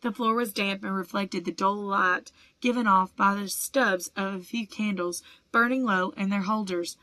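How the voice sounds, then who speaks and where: Woman reading an audiobook, steady n even, mid pitch, dry mic. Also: moderate pace, no room sound. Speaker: audiobook reader. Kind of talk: audiobook narration.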